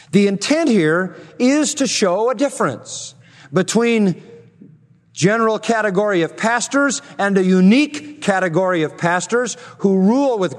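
A man preaching a sermon as a pastor, measured and emphatic, slowing down to stress key words. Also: high-pitched, big-room sound.

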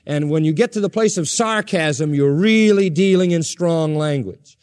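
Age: adult. Sex: man. Role: pastor, high-voiced and emphatic. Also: normal speed, darkish tone. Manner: emphatic, builds points through repeated parallel phrases. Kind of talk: expository sermon.

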